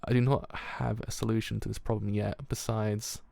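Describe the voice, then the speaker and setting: A man voicing a calm, patient teacher and guardian who speaks in a formal, measured way. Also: fairly low pitch, vocal fry, dry recording, studio quality.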